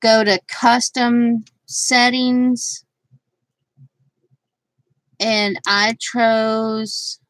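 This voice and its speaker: A woman's voice: a little high, level tone, drawn-out words, long pauses, no room sound, rough recording. A woman hosting a casual live crafting stream, chatting in a rambling way, greeting viewers by name and laughing often. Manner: laughs often, trails off with fillers. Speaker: craft channel host.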